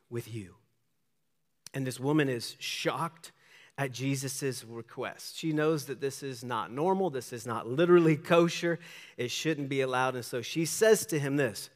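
A man's voice: mid-range voice, moderate pace. A pastor preaching a sermon, emphatic and full of questions to the listeners, often acting out the people in his story. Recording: long hall reverb.

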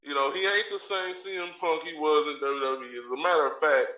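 Speaking a bit quickly, a podcast co-host who runs a wrestling segment delivers a profane, trash-talking rant, frequently stumbling and repeating words. His voice is fairly high and steady with a sharp edge. He sits off-mic at a distance in an echoey room.

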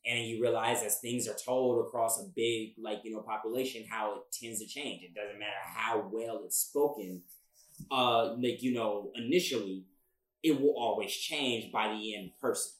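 A man's voice: fairly low pitch, moderate pace. A man co-hosting a podcast in casual chat, rambling with emphatic restarts. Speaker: podcast co-host. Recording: roomy echo.

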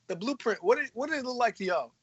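A husky-voiced co-host throws out blunt, profane reactions in casual chat. The pitch moves a lot, and the recording sounds dull and lo-fi, close and dry. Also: expressive, quick pace, no room sound. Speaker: podcast co-host.

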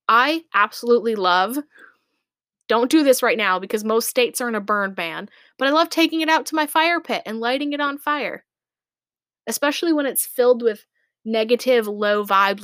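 A woman hosts her own podcast alone, speaking openly and reflectively in a relaxed, chatty way. Her voice sits at an ordinary middle pitch, and the recording is dry, with hardly any room sound. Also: no room sound. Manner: candid, reflective, chatty with fillers. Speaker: podcast host. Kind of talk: casual solo podcast talk.

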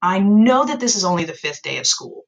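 A woman's voice: on the low side, sing-song, brisk, gravelly, rough recording. A young adult woman hosting a video, recapping a story in casual commentary with sarcastic, swear-filled, exasperated asides.

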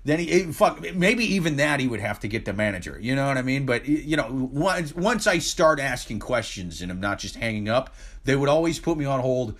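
A man's voice: mid-range voice, animated, brisk, few pauses, a bit bright. A man in a casual podcast chat, telling a profane story and acting out phone calls in voices. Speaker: podcast co-host.

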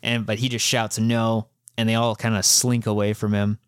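A man with a fairly low voice talks through a manga chapter in a loose, rambling podcast chat. He leans on fillers and swears casually. The sound is dry and close, with no room around it. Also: little pitch movement, fairly quick, clean tone, no echo. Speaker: podcast co-host.

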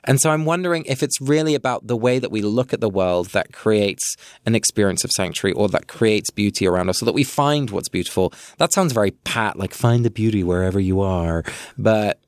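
A man's voice: lowish voice, a little fast, hardly any pauses, no room sound, studio quality. A man co-hosting a podcast, musing thoughtfully in a casual reflective discussion. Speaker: podcast co-host.

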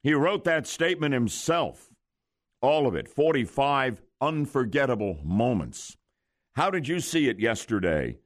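A man's voice: mid-range voice, big pitch swings, unhurried. A man hosting a talk radio show, emphatic and opinionated, taking calls in a studio. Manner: emphatic, takes caller questions.

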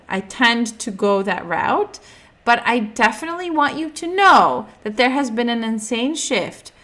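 A young woman talks through a casual podcast monologue. She is candid and chatty, fills her speech with "like", and turns animated whenever she quotes someone else. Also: mid-range voice. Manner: candid and chatty, heavy use of "like", animated when quoting others. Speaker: podcast host.

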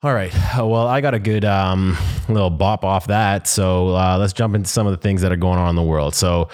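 A man with a slightly low voice hosts a casual clip-reaction show. He talks in a relaxed, rambling way, full of fillers and restarts. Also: brisk, clear, resonant tone. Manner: laid-back, rambling with many fillers. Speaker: host. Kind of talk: casual commentary on clips.

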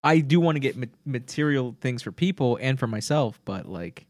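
A man's voice: mid-range voice, animated, normal speed, a little mellow, dry recording, studio quality. A young man in casual chat with friends, telling stories animatedly, acting out imagined dialogue and laughing often.

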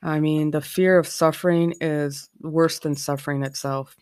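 A middle-aged woman speaking as a podcast host, blunt and candid about her own life. Her pitch stays flat and even across long stretches. The sound is close and dry, with no room around it. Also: normal speed, smooth, no echo. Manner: frank and candid. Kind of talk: candid personal podcast talk.

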